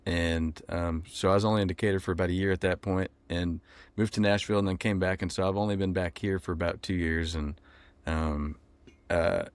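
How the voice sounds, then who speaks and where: A young man, talking casually in an interview with lots of ums and pauses. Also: low-pitched, clean tone, dry recording. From Texas. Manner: relaxed, many ums and restarts. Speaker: musician guest.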